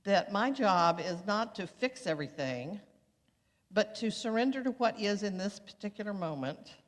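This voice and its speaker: A woman's voice: medium pitch, animated, normal speed. An older woman and spiritual coach, reflectively sharing her personal practice, earnest with a wry edge. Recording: long hall reverb.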